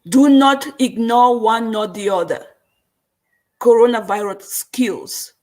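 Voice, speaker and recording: A woman's voice: on the high side, slow, darkish tone. A woman hosting a live stream, reading viewer comments and speaking in an earnest, repetitive way, with a noticeable accent. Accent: non-native English.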